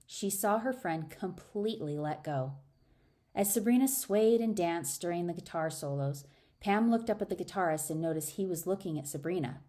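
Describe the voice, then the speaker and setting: A woman narrating an audiobook, lively in dialogue. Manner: expressive, raises pitch for dialogue. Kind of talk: audiobook narration with character voices.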